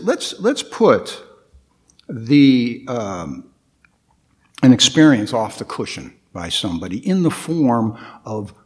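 A lower-voiced man gives a measured dharma talk, his pitch rising and falling in wide, expressive swings. He pauses often, trips over restarts and fillers, and turns to the listeners with questions. He speaks unhurriedly, letting each point settle. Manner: halting, with frequent fillers and restarts; reflective, questions the audience. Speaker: guest meditation teacher. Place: Buddhist temple hall.

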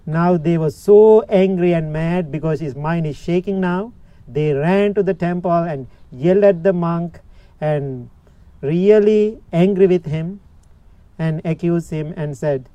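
A man giving a Buddhist dharma talk, telling a story in simple, slow phrases and often asking his listeners questions. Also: on the high side, no echo, dull audio. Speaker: Buddhist teacher.

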